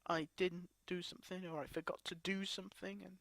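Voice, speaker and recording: A woman crying as she talks to her camera in a grieving personal vlog, her speech halting and broken by sobs and restarts. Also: lowish voice, little pitch movement, dry recording. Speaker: vlogger.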